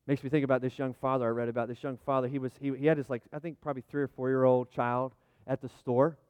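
Middle-aged male pastor, folksy sermon with asides, smooth tone, dry close sound. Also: medium pitch, level tone, fast, dry recording, dull audio. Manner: chatty, folksy, full of restarts and asides; jokes with the congregation, calls for amens. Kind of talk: conversational sermon with props.

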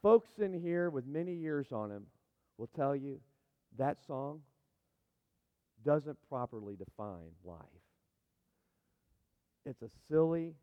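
A man preaching a sermon, emphatic and building to loud peaks as he speaks. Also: mid-range voice. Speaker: pastor. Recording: dull sound, long hall reverb.

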